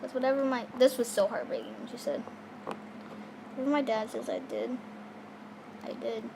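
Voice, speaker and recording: A woman's voice: a little high, animated, normal speed, gravelly. Chatty girl telling a story over hiss. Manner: rambling, lots of fillers and restarts. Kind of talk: casual storytime narration.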